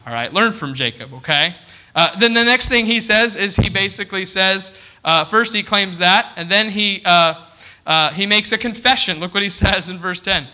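Middle-aged preacher, man, lively sermon delivery, very bright tone. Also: high-pitched, normal speed. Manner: animated preaching with frequent "all right?" check-ins. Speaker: pastor.

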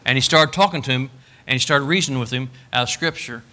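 A middle-aged man preaching a storytelling sermon, folksy and animated, rising to loud emphatic bursts. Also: mid-range voice, fast. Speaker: pastor.

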